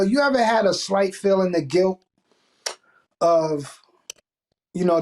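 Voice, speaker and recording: Podcast host guy, kinda high voice, asking his guest stuff, easygoing. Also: a little mellow. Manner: easygoing, curious questioning. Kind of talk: casual interview question.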